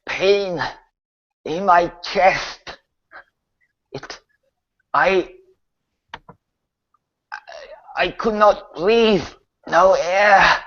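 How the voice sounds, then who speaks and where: A man voicing the corpse of an elf villager, briefly raised from death, in halting, broken gasps. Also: high voice, fairly bright tone, muffled recording, full character voice. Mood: gasping. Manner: halting, broken gasping speech.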